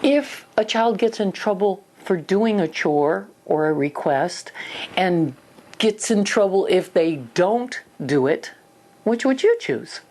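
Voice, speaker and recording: A woman's voice: mid-range voice, lively intonation, slow pace, mellow. An older woman giving a parenting lesson, telling personal stories earnestly and acting out little scenes. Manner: earnest storytelling, acts out scenes. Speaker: parenting teacher.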